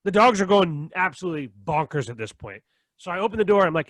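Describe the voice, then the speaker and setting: A young man races through an animated, profane story, playing both himself and the other person in it. His voice sits a little high for a man. The mic is close and dry, with no room sound. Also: fast talker, dry recording. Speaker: podcast co-host. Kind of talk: casual storytelling chat.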